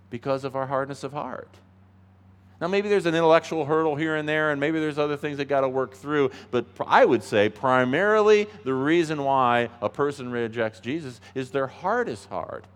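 Man, pastor, mid pitch, emphatic sermon delivery with quiet asides, long church reverb. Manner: earnest, emphatic, swings between soft asides and loud stresses.

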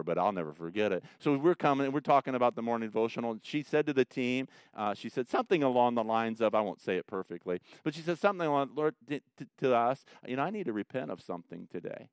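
A middle-aged man preaching a sermon in a relaxed, storytelling way. His voice is very animated in pitch, leaping up for emphatic exclamations and sinking low and soft for reflective lines. The sound is close and dry, with little room around it. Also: smooth, no room sound. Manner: conversational storytelling, swinging between loud emphatic bursts and soft near-whispers. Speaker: pastor.

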